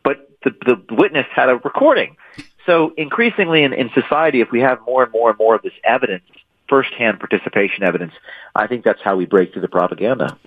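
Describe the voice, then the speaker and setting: A man's voice: medium pitch, lively intonation, fast, husky, no room sound. A man being interviewed as an author, answering emphatically and often repeating and restarting words. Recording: thin phone-line audio.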